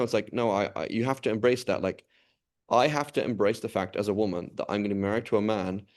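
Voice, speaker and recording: A man giving a casual religious talk in a conversational way, often checking in with the listener and acting out quoted dialogue. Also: fairly low pitch. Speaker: religious teacher.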